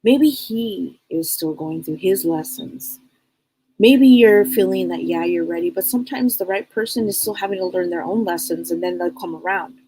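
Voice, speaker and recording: A middle-aged psychic reader hosts a live advice stream, speaking bluntly and casually with repetition and plenty of rhetorical questions. Her lowish, dark voice moves at normal speed, and the poor audio carries slight background noise.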